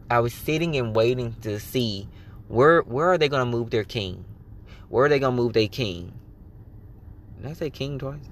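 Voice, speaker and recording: Man, solo podcast host, casual monologue, swears a lot, animated retelling, mid-pitched voice. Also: a little hiss or hum. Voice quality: candid, swears freely, animated self-quoting.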